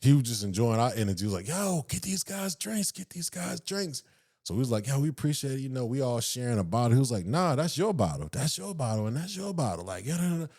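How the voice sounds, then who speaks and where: A man's voice: medium pitch, racing, few pauses. A man in his thirties with a Southern US accent, a podcast host telling a profane story and acting out the quotes in raised voices. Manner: animated, acts out quotes in raised voices, profane, laughs often. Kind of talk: casual storytelling.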